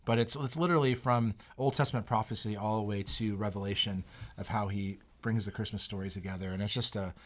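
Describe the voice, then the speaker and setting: Relaxed low-voiced pastor host, man. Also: fast talker. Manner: relaxed, hesitant, lots of "um" and "I mean". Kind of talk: casual podcast talk.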